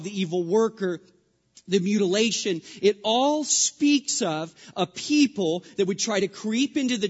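A male pastor preaching a sermon, emphatic, repeating refrains and swinging between loud and hushed lines. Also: high-pitched. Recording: dull sound with long hall reverb.

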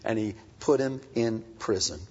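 A man preaching a sermon as a pastor, swinging between loud emphatic peaks and soft confiding asides. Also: on the low side, a little slow, slightly rough. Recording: dull, muffled sound with long hall reverb.

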